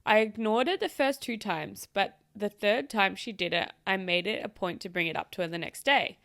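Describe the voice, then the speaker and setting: A woman's voice: medium pitch, normal speed, creaky, a bit bright, dry recording, studio quality. Chatty young woman podcaster. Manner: chatty, sarcastic asides, swears, laughs easily. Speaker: podcast host. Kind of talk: casual reaction chat, reading stories aloud. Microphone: close podcast mic.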